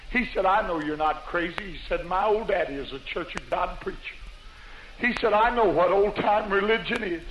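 A man preaching a testimony sermon, telling his story and building up to fervent shouting. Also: high voice, fairly quick, a little hiss or hum. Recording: lo-fi echoey old sermon tape.

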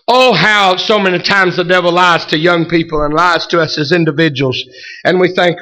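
A man's voice: high-pitched, moderate pace, sharp tone. A man preaching a sermon in a church, in a fervent chanting cadence broken by frequent "uh" and "amen". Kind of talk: shouted revival preaching.

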